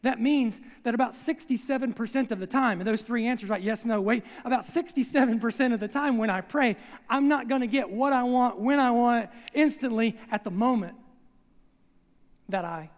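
Recorded in a church sanctuary with a long reverb tail, a preacher gives a sermon at medium pitch and moderate pace. His manner is relaxed and conversational as he tells stories, acts out scenes, and keeps checking in with listeners by repeating "right?".

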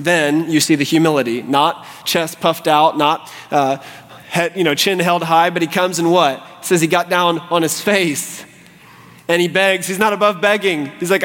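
A man's voice: on the high side, normal speed, fairly bright tone. A male pastor preaching a sermon, impassioned and rising to fervent pleading. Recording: long hall reverb.

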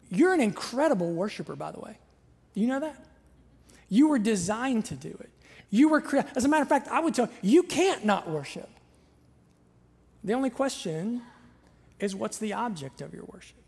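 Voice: medium pitch, darkish tone, slightly rough. Pastor with a Southern Ohio accent, reverberant sanctuary. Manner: conversational and joking, with repeated emphatic phrases. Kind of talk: sermon. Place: church sanctuary.

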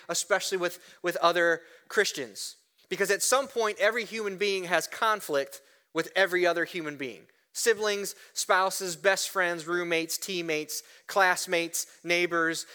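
A man preaching a sermon, animated, often asking "right?" and restarting words. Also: high-pitched, clean tone. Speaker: pastor.

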